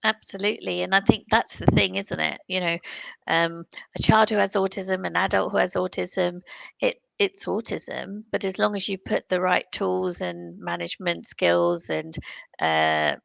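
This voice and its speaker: A woman hosting an interview, agreeing warmly and building reflectively on her guest's points. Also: on the low side, flat delivery, moderate pace, creaky, no echo, rough recording. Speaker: interview host. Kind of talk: conversational interview.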